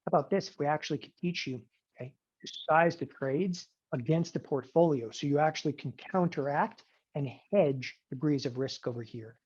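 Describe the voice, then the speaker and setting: Emphatic man pitching a trading seminar. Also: moderate pace, breathy edge. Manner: emphatic, animated, keeps asking "okay?". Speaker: trading instructor. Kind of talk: online seminar sales pitch. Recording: dull lo-fi webinar audio.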